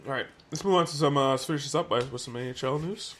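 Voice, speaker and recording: A man's voice: medium pitch, quick pace, a bit bright, a little hiss or hum. A man co-hosting a casual podcast, jumping in often and laughing a lot. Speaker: podcast co-host. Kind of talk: casual chat.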